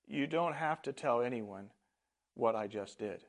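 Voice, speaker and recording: A man voicing Jesus in a read-aloud Bible story, speaking gently and reassuringly. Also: mid-range voice, lively intonation, unhurried. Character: calm, kind adult male Jesus healer.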